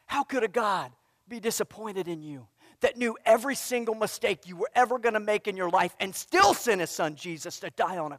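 A male pastor preaches with a strikingly high voice and leans hard on a repeated refrain. His words ring out into the long reverb of a large church sanctuary. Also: fairly bright tone, clean studio sound. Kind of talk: sermon.

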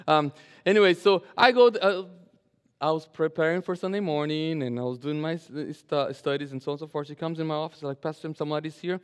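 A male pastor preaching a sermon and telling a story, animated, often restarting and repeating his phrases. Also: fairly high pitch, brisk, smooth, in a large hall. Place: church sanctuary.

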